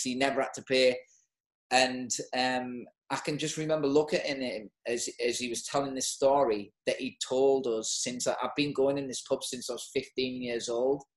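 A man in his forties with a Teesside accent, telling a personal story as an interview guest in a halting, emotional way with many restarts. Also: mid-range voice, echoey room. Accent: Teesside English. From North East England. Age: 40s.

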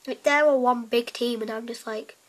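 A woman's voice: a little high, fairly even intonation, moderate pace, slight background noise, low-quality recording. A woman chatting casually while playing a game, giggly and teasing, rambling on. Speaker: gamer.

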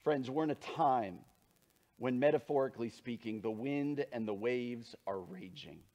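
A man preaching a sermon as pastor, earnest and emphatic, dropping low and soft when he turns to scripture. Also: unhurried.

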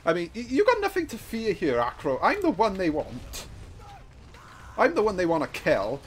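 A high-pitched man commentates his gameplay live. His voice leaps all over the place, from low muttering to sudden yelps. He jokes and trash-talks his opponents. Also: normal speed, slight background noise. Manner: excitable, swings from muttering to shouting; trash-talking, joking. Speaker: gaming YouTuber.

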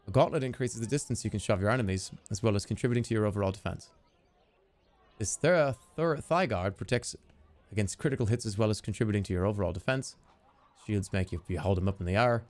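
A man streaming a video game in casual, jokey commentary, reading the on-screen text aloud and reacting with excitement. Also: fairly low pitch, fast talker.

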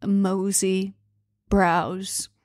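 A woman's voice: medium pitch, little pitch movement, extremely slow, a little mellow, no echo, studio quality. A woman from the United States hosting a podcast, telling stories in a chatty, rambling way with fillers and self-corrections. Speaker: podcast host. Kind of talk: casual storytelling monologue.

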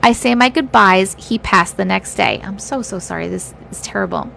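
A woman hosting a livestream, reading viewers' stories aloud with feeling, pausing to react and teasing her chat bluntly. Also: mid-range voice, vocal fry, sharp tone, slight background noise.

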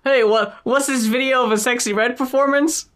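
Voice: high voice, steady tone, moderate pace, a bit bright. A podcast co-host in casual chat, telling stories with a dry, sarcastic and profane manner. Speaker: co-host of a rap review podcast.

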